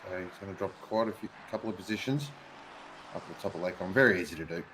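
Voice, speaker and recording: A man's voice: low-pitched, fast, fairly bright tone, slight background noise, poor audio. A man commentating a sim race live, giving matter-of-fact analysis.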